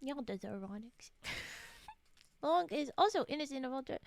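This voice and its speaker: Playful sleepy woman streamer, high lively voice. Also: moderate pace, vocal fry, pauses often. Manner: playful teasing, soft and murmured, often whispering. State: sleepy, yawning. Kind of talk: casual live-stream chat while folding origami.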